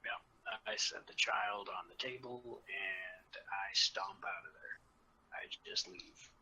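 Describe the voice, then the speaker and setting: A man playing a tabletop game, answering slowly in short replies, a bit away from the mic. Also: sits low, fairly even intonation, bright, forceful tone, slight background noise, rough recording. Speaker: player.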